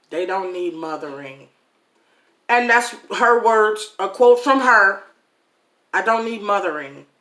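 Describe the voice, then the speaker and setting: A middle-aged woman telling a personal story to her viewers in a casual, animated way, calling them "y'all". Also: medium pitch. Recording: echoey room.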